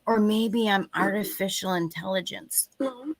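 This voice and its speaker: A woman's voice: medium pitch, measured pace. A woman with a Boston accent, a medium giving readings on a live stream, chatty and joking, short on sleep. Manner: chatty, jokey, guiding meditation. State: sleep-deprived, extra energy. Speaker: psychic medium.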